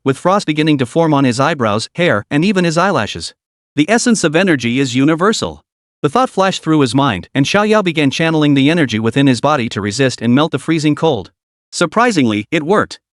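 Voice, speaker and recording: A man narrating a comic story recap in a quick, dramatic storytelling manner. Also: fairly high pitch, no echo, studio quality.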